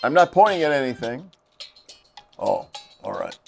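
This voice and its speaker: Gravelly, jokey man on a live stream. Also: mid-range voice, sing-song, normal speed, soft background music. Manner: jokey, exclamatory. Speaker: co-host and puppeteer.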